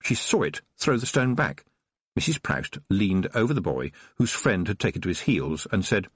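Husky expressive male narrator. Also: sits low, normal speed, no echo, studio quality. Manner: expressive, storytelling. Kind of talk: audiobook narration.

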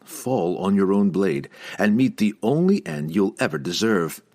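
A man voicing a calm, proud male dark elf warrior who speaks in a measured, smug tone. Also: low-pitched.

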